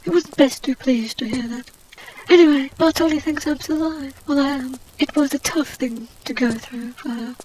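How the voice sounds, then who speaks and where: A woman's voice: sits high, moderate pace, a little mellow, a little hiss or hum, natural voice, poor audio. A woman voicing a haughty, out-of-work adventurer heroine, rambling snobbish gossip over gameplay commentary. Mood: indignant.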